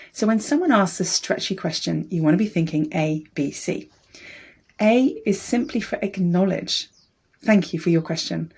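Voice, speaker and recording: A woman coaching public speaking, explaining calmly and steadily and demonstrating voice techniques. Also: fairly low pitch, breathy edge. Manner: calm, measured coaching with demonstrations. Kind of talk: speaking tips lesson to camera.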